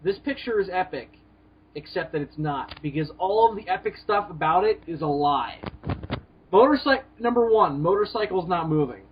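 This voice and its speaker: A man's voice: high voice, normal speed, muffled recording, a little hiss or hum. A man co-hosting a comedy podcast, riffing and swearing as he rates pictures. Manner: animated, swearing, rating pictures with jokes. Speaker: podcast co-host. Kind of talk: casual comedic banter.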